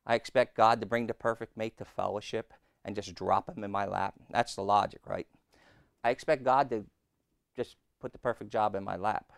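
A man's voice: lowish voice, steady tone, moderate pace, gravelly, no echo, clean studio sound. A man preaching a conversational sermon in a plainspoken, folksy way, often turning to the listeners with rhetorical questions.

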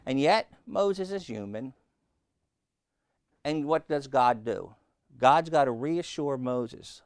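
A man's voice: mid-range voice, animated, slow pace, pauses often, clean tone, dry recording. A man preaching a conversational sermon in a plainspoken, folksy way, often turning to the listeners with rhetorical questions.

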